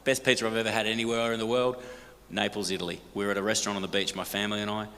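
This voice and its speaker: A middle-aged Australian man telling lively, jokey stories to a church audience and asking them questions. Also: lowish voice, rapid-fire. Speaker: guest speaker. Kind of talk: storytelling talk to a church congregation. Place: large church hall. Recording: church hall reverb.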